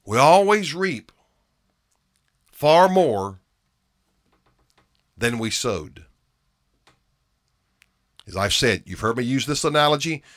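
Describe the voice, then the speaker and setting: A man preaching a sermon with emphasis, repeating key phrases and dropping from loud to hushed. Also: mid-range voice, expressive, takes it slowly, long pauses, dry recording, studio quality.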